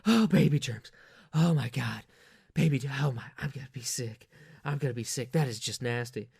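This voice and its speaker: A man putting on the voice of a fussy woman panicking over germs, shrill and hyperventilating. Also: normal speed, gravelly, a little mellow, breathy edge. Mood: panicked.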